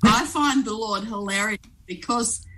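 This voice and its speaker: A woman, a guest pastor telling stories in a conversational faith interview, animated and chatty. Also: a little high, measured pace, a little hiss or hum, poor audio. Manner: animated storyteller, frequent "um" and "you know".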